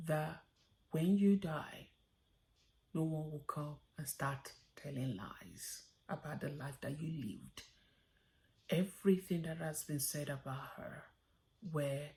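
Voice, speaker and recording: A woman gives a heartfelt memorial tribute to her mother. She speaks earnestly and sometimes drops to a soft whisper. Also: deep voice, gravelly. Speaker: daughter giving a tribute.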